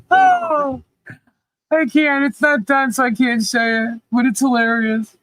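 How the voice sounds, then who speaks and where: A woman's voice: sits high, sing-song, a little slow, fairly bright tone, dry recording. Giggly lady cohost, casual live stream chat, dry mic. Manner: giggly, laughs often while talking.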